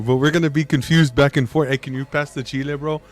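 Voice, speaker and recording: A man's voice: medium pitch, fairly even intonation, fast talker, no echo, faint music behind. A man chatting casually on a live stream. He argues brashly, swears freely, and keeps saying bro and dude.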